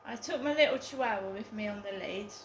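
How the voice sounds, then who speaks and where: A woman's voice: mid-range voice, reverberant, a little hiss or hum, rough recording. A woman telling a story in a casual vlog, hesitant and full of ums. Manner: slow, hesitant, with many ums. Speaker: vlogger.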